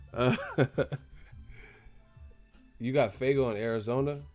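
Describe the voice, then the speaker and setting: A man's voice: medium pitch, steady tone, slow, a little mellow, soft background music. A man from California hosting a casual live stream, joking, swearing and laughing a lot as he reacts to his chat. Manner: joking, laughing often, profane, mimics voices.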